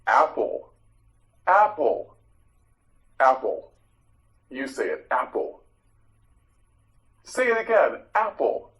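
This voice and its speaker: A man teaching English vocabulary to learners, repeating each word clearly and praising patiently. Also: mid-range voice, very animated, takes it slowly, long pauses, fairly bright tone, poor audio. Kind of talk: vocabulary drill lesson for learners.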